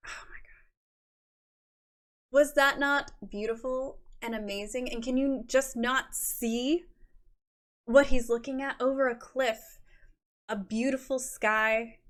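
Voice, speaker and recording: A woman's voice: sits high, fairly even intonation, takes it slowly, fairly bright tone. A woman hosting a creative writing show, reading submissions and gushing over them. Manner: gushing, effusive praise.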